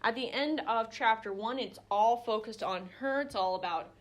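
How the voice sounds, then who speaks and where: Young woman leading a bible study, kinda high voice, chatty with lots of ums and restarts. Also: normal speed. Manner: conversational, acts out quoted voices, many fillers and restarts. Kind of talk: teaching a small group class.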